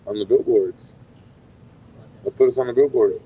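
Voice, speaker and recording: A man's voice: mid-range voice, normal speed, husky, narrow, tinny audio. A man co-hosting a casual podcast, laid-back and joking in a crude way. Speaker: podcast co-host.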